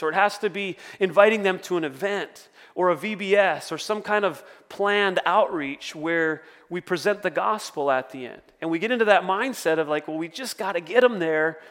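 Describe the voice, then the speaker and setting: A pastor with a high, fairly bright voice delivers a sermon in a large hall. He keeps it conversational and drifts into storytelling asides.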